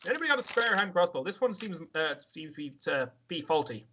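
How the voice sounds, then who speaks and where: A man's voice: high voice, very animated, fast talker, pushed and bright, muffled recording, pitched above the performer's own voice, exaggerated voice. A man putting on an Irish accent to voice a grumbling male adventurer stuck with a faulty crossbow. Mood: exasperated. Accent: Irish (put on).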